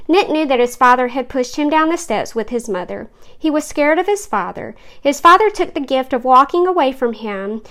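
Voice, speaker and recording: High-voiced woman reading a story. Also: animated, moderate pace, a bit bright. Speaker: story reader.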